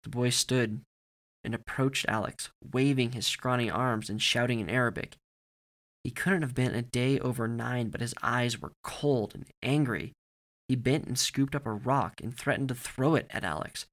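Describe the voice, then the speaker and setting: A man reading a story aloud in a steady, grave narrating manner. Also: mid-range voice, moderate pace.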